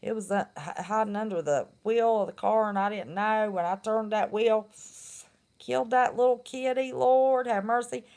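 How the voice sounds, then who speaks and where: A woman's voice: fairly high pitch, normal speed, a little mellow. A middle-aged woman, chatting casually and bluntly on her live stream and laughing often. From West Virginia.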